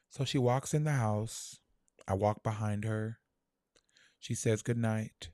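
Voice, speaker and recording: A young man telling a personal childhood story in a soft, halting, reflective way, full of fillers. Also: fairly low pitch, steady tone, no room sound, studio quality.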